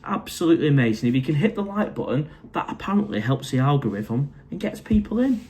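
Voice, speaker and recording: A man's voice: on the high side, sing-song, fast talker, a little mellow. Chatty Mancunian man, middle-aged. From Manchester, England. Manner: chatty and matey, calls viewers mate. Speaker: live-stream host reading viewer comments. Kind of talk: casual live-stream chat. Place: condo indoors.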